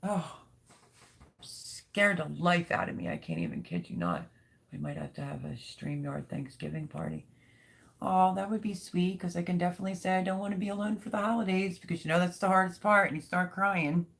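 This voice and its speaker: Her lowish voice is creaky and a little fast. She's a woman hosting an informal livestream from home, rambling candidly and reading out comments from viewers.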